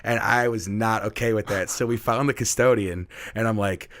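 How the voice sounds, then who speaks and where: A man, a middle school teacher, telling a story in casual conversation, animated and acting out the voices of the people in it. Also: lowish voice, normal speed. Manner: animated, acts out quoted voices.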